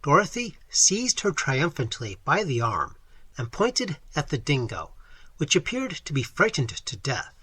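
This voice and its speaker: A man narrating an audiobook in an expressive storytelling manner. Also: on the high side, a little slow, husky.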